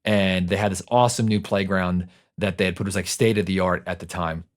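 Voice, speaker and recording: Low-voiced man telling a story. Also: fairly even intonation, a little fast. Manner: conversational, often checks in with "right?" and "like". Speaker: podcast host. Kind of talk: casual storytelling monologue.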